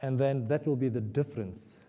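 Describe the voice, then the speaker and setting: A man's voice: mid-range voice, brisk, mellow, long reverb tail, close to an everyday voice. A man voicing a proud, truthful king who speaks solemnly and resolutely.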